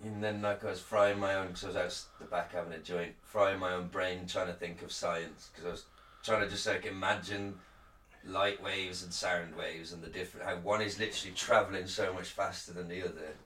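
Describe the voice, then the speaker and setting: A British man co-hosting a podcast, sweary and rambling, with loud joking outbursts. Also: low-pitched, fairly even intonation, a little fast. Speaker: podcast co-host. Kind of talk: casual chat. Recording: roomy, distant mic, faint ambience.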